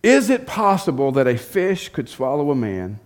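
A man's voice: a little high, big pitch swings, normal speed, darkish tone. A man preaching a sermon, retelling a story in a conversational, emphatic way and asking the audience rhetorical questions. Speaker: pastor.

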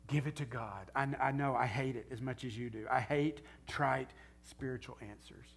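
A man's voice: mid-range voice, normal speed, gravelly, breathy edge. A middle-aged man preaching as a pastor in an earnest, conversational way that rises to fervent prayer. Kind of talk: sermon and closing prayer.

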